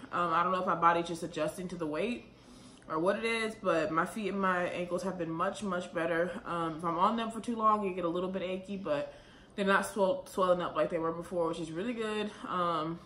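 Breathless pregnant woman chatting fast. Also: lowish voice, pushed and bright. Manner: chatty, rambling, fast with many fillers. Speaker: vlogger. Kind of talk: casual vlog talk to camera. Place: room at home, late at night. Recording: echoey room with faint ambient noise.

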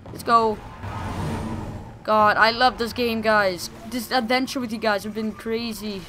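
A young woman commentates her gameplay with gushing excitement, bursting into shouts when fights start. Her voice is bright and a little high. Faint game sound hums underneath. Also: unhurried, a little hiss or hum. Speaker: gaming video host.

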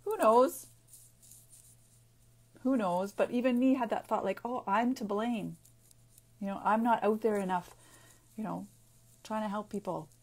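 Woman, naturopathic doctor and author, unscripted personal video; earnest, halting delivery, lots of restarts and fillers, mid pitch. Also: steady tone, darkish tone. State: getting emotional.

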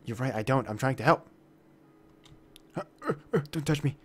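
A man's voice: mid-range voice, moderate pace, fairly bright tone. A man commentating a horror game as he plays, jumpy and exclaiming with minced oaths, reading the dialogue aloud. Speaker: gaming YouTuber. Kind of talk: let's play commentary.

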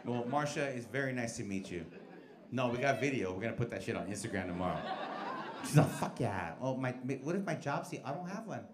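Fast-talking and expressive, this man in his forties teases audience members during stand-up crowd work, loud-mouthed and profane. His voice lands in the mid range. The recording picks up an echoey club and a laughing crowd.

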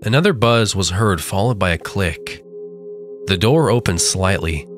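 A man reads a horror story aloud in a low, measured voice, taking his time over each line. A faint singing-bowl drone plays behind him. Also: expressive, over music. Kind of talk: scripted horror narration.

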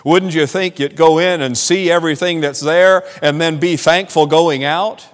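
A man with a Southern accent, a pastor preaching a sermon with animated swings in volume and laughing asides. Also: a little high, moderate pace, big-room sound. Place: church sanctuary.

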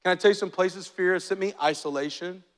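A male pastor delivers a lively sermon with jokes and quick voice impressions. His voice sits high, and a long church-hall reverb trails every phrase. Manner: animated and joking, acts out voices.

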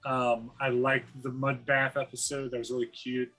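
A man's voice: mid-range voice, level tone, moderate pace, fairly bright tone, faint music behind, poor audio. A man hosting a casual podcast chat, enthusiastic and handing turns to his guests. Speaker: podcast host.

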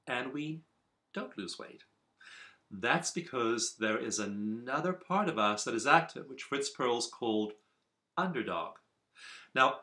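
A man teaching a recorded video lesson from his office, speaking in an earnest, measured way with repeated emphasis. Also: medium pitch, pushed and bright. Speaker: teacher of a self-help program.

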